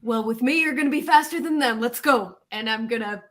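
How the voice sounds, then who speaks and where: Soft-spoken woman player. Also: a little high, a little fast. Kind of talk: tabletop game play.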